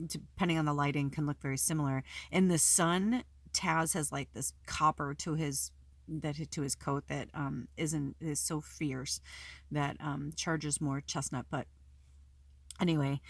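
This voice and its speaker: A woman with a low, deep-set voice talks candidly to her viewers, rambling and emotional, with frequent fillers and the odd swear word. The sound is dry and close, with no room around it. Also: a bit bright, dry recording. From Pacific Northwest United States. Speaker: spiritual video host. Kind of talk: casual personal vlog talk. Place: at home.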